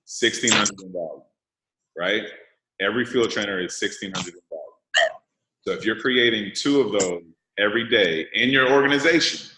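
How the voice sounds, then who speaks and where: This man, lowish in voice, leads a sales training session online, explaining things one step at a time in a relaxed way and making sure the group is following. The video-call audio has a roomy echo and a noisy background.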